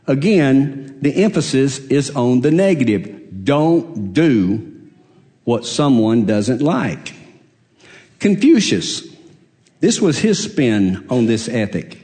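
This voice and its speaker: A man's voice: mid-range voice, sing-song, slow, mellow. A man preaching a sermon, emphatic, repeating his phrases and asking rhetorical questions.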